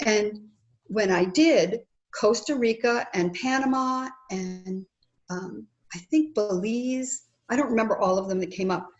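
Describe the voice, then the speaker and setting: A middle-aged woman sharing a personal faith testimony in conversation, earnest and lively, acting out remembered dialogue. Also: medium pitch, measured pace, highs cut off. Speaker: guest sharing her testimony. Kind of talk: conversational storytelling.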